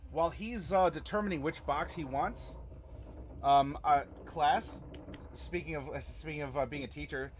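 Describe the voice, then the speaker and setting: Rambling, slightly high-voiced male streamer. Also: normal speed, a little hiss or hum. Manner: rambling, many fillers and restarts. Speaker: streamer and game master. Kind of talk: casual live-stream chat.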